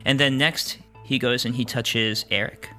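A man narrating a tabletop game as game master, describing the scene in an unhurried storytelling manner. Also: mid-range voice, steady tone, bright, forceful tone, soft background music.

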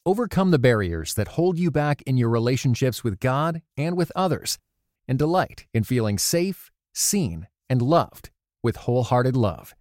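A man reading a scripted sponsor ad with an expressive delivery. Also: mid-range voice, moderate pace, no echo, clean studio sound. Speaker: ad announcer. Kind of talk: scripted ad read.

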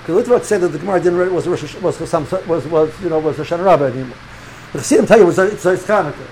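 A middle-aged man with a fairly high voice gives a loose, animated religious lecture, often stumbling over and repeating words as he goes. A faint hiss sits under his speech. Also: racing, low-quality recording. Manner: animated, repeats and restarts words, sprinkles Hebrew and Yiddish terms. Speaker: rabbi teaching students.

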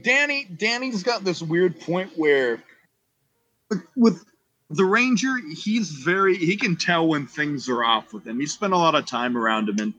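A man narrating a tabletop game as game master, loose and halting with fillers. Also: fairly high pitch, animated, pushed and bright, dry recording, rough recording.

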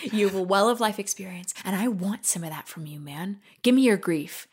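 A woman's voice: mid-range voice, fairly quick, slightly rough. A woman performing an improvised comedy scene in an emphatic, mock-dramatic way.

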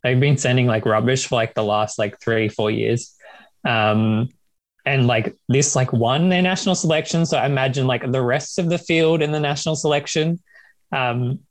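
A man's voice: mid-range voice, no room sound. Blunt guy on a podcast panel, says like constantly, dry close mic. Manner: blunt, leans on filler "like". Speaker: panel guest. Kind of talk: casual panel chat.

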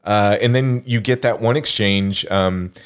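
A man casually discussing a film, animated and laughing often, with frequent restarts. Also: fairly low pitch, measured pace, clean tone.

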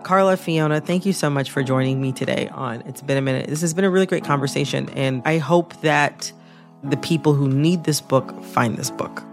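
A woman hosting a radio interview, speaking in a reflective, conversational way that thinks aloud with pauses. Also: low-pitched, faint music behind. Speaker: radio show host.

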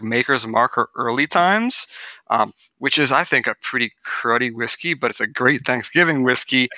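A man's voice: mid-range voice, bright, forceful tone, dry recording. A man co-hosting a beer podcast, chatting casually with many ums and easy rambling. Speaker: podcast co-host. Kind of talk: casual chat.

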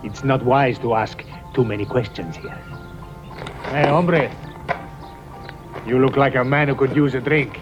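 An actor playing a shifty, sly saloon tout in a western town, using a put-on Mexican accent, from an old TV drama. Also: male voice, medium pitch, steady tone, unhurried, pauses often, natural voice. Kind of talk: 1960s television drama acting. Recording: dull old TV soundtrack with music.

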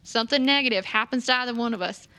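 A woman voicing a fiercely protective adventurer who turns threatening and loud. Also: on the high side, fast, voice pushed up. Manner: angry, threatening.

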